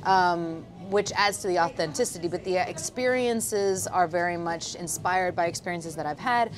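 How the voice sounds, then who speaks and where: A woman's voice: on the low side, normal speed, a crowd in the background. A woman in her thirties from Boston, a screenwriter talking casually as an interview guest, rambling with lots of fillers. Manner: rambling, lots of "like" and "um", laughs easily.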